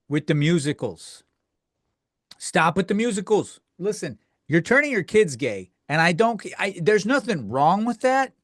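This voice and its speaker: Man host for a comic rant, slightly high voice, crude and rambling, dry booth sound. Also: no echo. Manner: crude, profane, rambling with many restarts. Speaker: podcast host. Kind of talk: comedic rant.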